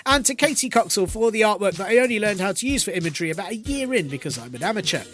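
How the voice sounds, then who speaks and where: A man hosting a podcast, delivering a dry, mocking political comedy monologue with quick asides. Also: high voice, lively intonation, fairly bright tone, faint music behind. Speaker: podcast host.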